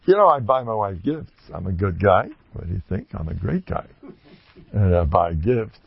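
A man giving an informal religious talk, humorous and self-mocking, who suddenly jumps to high exclamations. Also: very animated, moderate pace, creaky, slightly rough. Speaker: religious speaker. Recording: dull, dry lo-fi recording.

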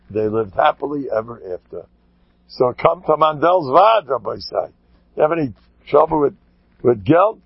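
A man, a rabbi, giving a lively storytelling Torah talk, acting out quotes and sprinkling in Yiddish and Hebrew words. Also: on the low side, vocal fry, breathy edge, no echo. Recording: dull lo-fi recording.

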